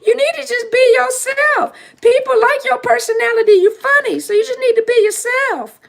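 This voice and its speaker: A woman's voice: very high-pitched, normal speed, creaky, fairly bright tone, pitched above the performer's own voice, full character voice. A woman mimicking a blunt, outspoken female friend who scolds her and tells her to loosen up. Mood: scolding. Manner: scolding, bossy advice.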